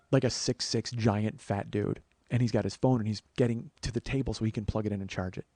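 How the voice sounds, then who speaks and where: A man's voice: fairly low pitch, fairly even intonation, a little fast, very noisy. A man in his forties hosting a podcast, telling a long comedic personal story. He acts out both sides of the conversations and swears casually, with frequent restarts. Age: 40s. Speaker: podcast host.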